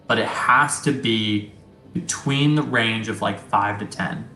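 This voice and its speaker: A man's voice: medium pitch, unhurried, sharp tone, echoey room. A man acting as game master, talking loosely and chattily and laughing easily. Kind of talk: running a tabletop game.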